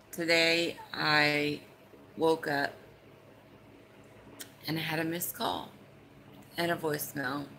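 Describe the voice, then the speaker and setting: Slow, bright-voiced woman telling her story. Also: sits low, a little hiss or hum. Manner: slow, halting and emotional, pausing often. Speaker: vlogger. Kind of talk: personal story told to camera. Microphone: cheap phone.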